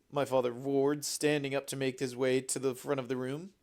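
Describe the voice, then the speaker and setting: A man narrating an audiobook in a measured storytelling manner. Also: medium pitch, flat delivery, darkish tone.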